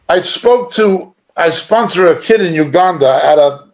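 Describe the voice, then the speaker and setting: A man's voice: high-pitched, lively intonation, slow pace. A middle-aged man teaching an informal sermon in a conversational, emphatic way, chuckling now and then. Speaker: Bible teacher.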